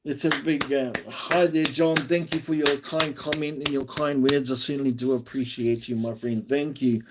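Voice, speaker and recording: A man's voice: medium pitch, fairly even intonation, normal speed, heavy background noise. An Australian man hosting a live stream, chatting casually and encouragingly, often restarting his sentences.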